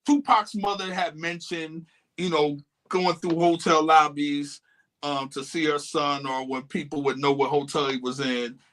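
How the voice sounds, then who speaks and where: A man's voice: on the high side, fairly even intonation, a little slow, a bit bright. A man co-hosting a podcast, talking casually and emphatically, often restarting his sentences. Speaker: podcast co-host. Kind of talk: casual chat.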